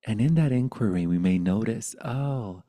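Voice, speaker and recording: A man's voice: on the low side, lively intonation, moderate pace, warm tone, no echo. A man giving a satsang talk as a spiritual teacher, playful and prone to bursting into silly voices.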